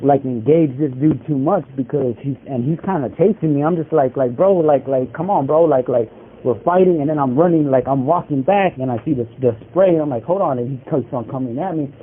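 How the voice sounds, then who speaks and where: A man's voice: medium pitch, fairly quick. A man in prison telling a story in casual street slang, rambling with lots of fillers, over a phone call. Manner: rambling, filler-heavy street slang, many likes and bros. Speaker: incarcerated interviewee telling a story. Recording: tinny prison phone line with faint hiss.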